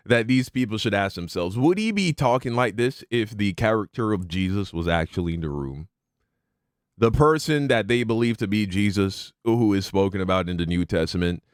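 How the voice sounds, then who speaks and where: A male reaction video host talking casually, sardonic at times and earnest at others. His voice is very low. The recording is dry and close, with no room sound. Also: dry recording. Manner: sardonic, then earnest and pleading. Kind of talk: casual commentary.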